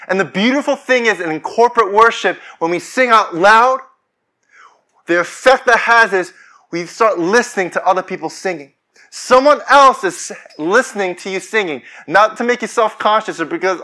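Male pastor, fairly high and bright tone, conversational preaching that builds to fervent passages. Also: moderate pace. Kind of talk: sermon.

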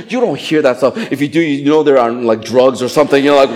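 A middle-aged male pastor preaching a sermon, animated and joking, acting out little voices. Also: medium pitch, quick pace, hardly any pauses. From Asian family background. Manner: animated, acts out voices and jokes.

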